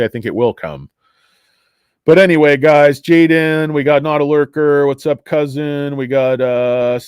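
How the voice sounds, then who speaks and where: A man's voice: medium pitch, no room sound, studio quality. A man hosting a casual stock livestream, rambling, joking and swearing as he reads viewer comments aloud.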